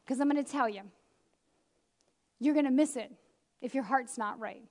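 A woman preacher giving a lively, chatty sermon with self-deprecating asides. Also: high voice, normal speed. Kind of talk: conversational sermon.

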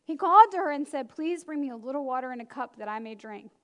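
A middle-aged woman preaching a lively sermon, laughing often and acting out the people she quotes. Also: sits high, fast talker.

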